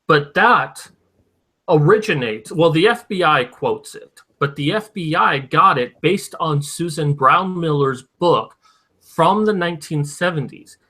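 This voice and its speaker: A man's voice: on the high side, lively intonation, unhurried, sharp tone. A man co-hosting a casual talk show, arguing his points and explaining them at length. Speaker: co-host. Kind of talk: casual podcast chat.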